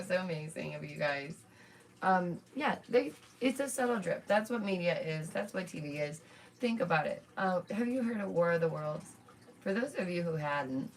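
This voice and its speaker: A woman with a low, gravelly voice hosts a casual live stream from home. She chats loosely to her viewers, calling them y'all, drifting into asides and little laughs, with a faint hum of noise behind her. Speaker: streamer and channel host.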